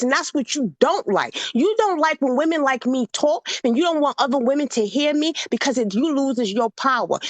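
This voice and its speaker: Indignant high-voiced woman in her forties. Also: dry recording. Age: 40s. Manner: forceful, indignant, repetitive rhetorical questions. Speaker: livestream panel guest. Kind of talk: heated panel debate.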